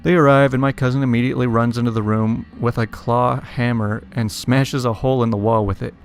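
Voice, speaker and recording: A man's voice: medium pitch, steady tone, fairly quick, creaky. Man, casual story reader, wry asides, chuckles, faint music behind. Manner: chuckles between stories, adds wry asides. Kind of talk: casual narration of internet stories.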